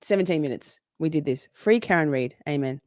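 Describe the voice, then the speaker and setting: A woman's voice: deep voice, animated, fairly quick, a little mellow, no echo, clean studio sound. A woman hosting a casual livestream, chatty and sweary, reading out viewer comments between laughs. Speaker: livestream host.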